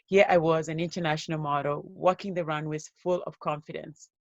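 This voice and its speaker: A woman giving an interview as a guest, telling her own life story in an earnest, steady way. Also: deep voice, fairly quick, no echo, muffled recording. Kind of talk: personal story told in an interview.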